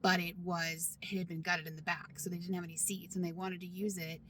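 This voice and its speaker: A woman in her thirties talking openly and casually to the camera from inside her van, loud at times and quick to laugh. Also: fairly low pitch, level tone, a little hiss or hum. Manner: chatty and open, with frequent laughs and quick asides; talks loudly at times. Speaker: van life vlogger. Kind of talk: casual vlog talk.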